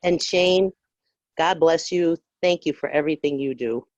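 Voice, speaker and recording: A middle-aged woman on a group call sharing a personal story, earnest and emotional, halting with fillers. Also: low-pitched, darkish tone, no echo, lo-fi sound. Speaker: call participant. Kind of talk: personal testimony.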